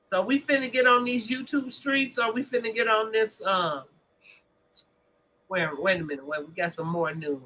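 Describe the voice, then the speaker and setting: A woman hosting a podcast, chatting loudly with lots of laughter and profanity. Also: medium pitch, normal speed, a little hiss or hum, rough recording. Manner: loud, laughing, profane banter. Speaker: podcast host. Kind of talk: casual chat.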